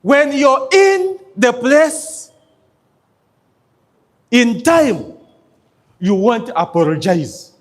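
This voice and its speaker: A man giving a motivational business talk to an audience, emphatic and checking in with his listeners. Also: extremely high pitch. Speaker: business coach.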